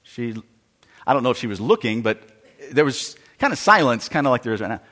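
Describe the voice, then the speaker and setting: A man, a pastor, telling a story in a sermon with animated, emphatic delivery and frequent repetition. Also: medium pitch, fairly quick, long reverb tail.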